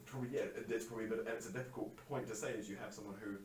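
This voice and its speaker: A low-voiced man hosts a podcast conversation, talking fast and thinking aloud with frequent restarts. He sounds distant in a reverberant room, with soft music underneath. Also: fairly even intonation. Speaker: podcast host. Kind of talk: casual conversation. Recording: echoey room, distant mic, faint music.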